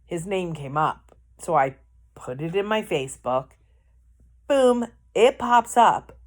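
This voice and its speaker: A woman's voice: lowish voice, big pitch swings, takes it slowly. A woman telling a rambling personal anecdote in a casual vlog, correcting herself as she goes. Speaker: vlogger. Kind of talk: casual storytelling.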